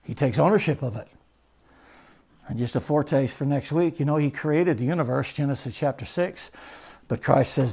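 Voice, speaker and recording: A man preaching a sermon as pastor, moving between loud, emphatic declarations and hushed, stressed words, with a repetitive preaching cadence. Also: medium pitch, normal speed, gravelly, breathy edge.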